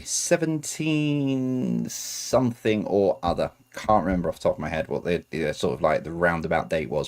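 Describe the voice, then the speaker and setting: A man reading out quiz answers as host, adding chatty, self-correcting asides. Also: low voice.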